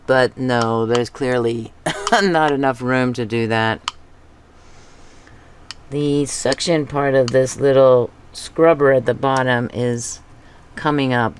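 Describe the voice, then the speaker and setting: A woman hosting a craft video, chatting casually as she paints, thinking aloud and talking to herself with soft chuckles. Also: very deep voice, slight background noise. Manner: soft chuckles between remarks.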